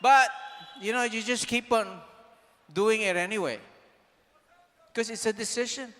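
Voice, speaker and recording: A man with a slightly high voice delivers an animated motivational talk, unhurried, peppering the crowd with rhetorical questions and occasionally shouting. Long reverb makes him sound like he's in a large hall.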